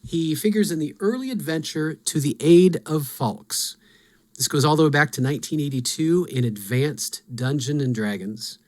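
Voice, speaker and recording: A man's voice: fairly high pitch, moderate pace. A man hosting a podcast, talking through game lore in a casual, musing, self-deprecating way. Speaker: podcast host.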